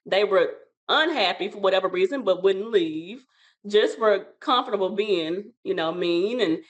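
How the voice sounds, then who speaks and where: Animated, rambling woman storyteller. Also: medium pitch, normal speed, highs cut off. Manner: animated, rambling, with restarts and laughs. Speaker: childcare center owner, guest. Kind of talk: casual storytelling interview.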